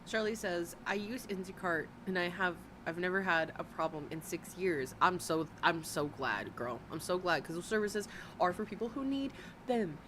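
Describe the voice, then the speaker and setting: A woman's voice: lowish voice, normal speed, fairly bright tone, a little hiss or hum. A woman giving mocking, sarcastic reaction commentary on a streamer's clips.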